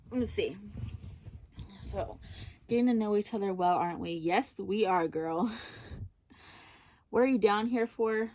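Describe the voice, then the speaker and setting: Woman doing a chatty tarot reading, gushy and excited, normal pitch, faint background hiss. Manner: chatty and effusive, says "girl" and "literally" often. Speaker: tarot card reader. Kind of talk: casual personal tarot reading.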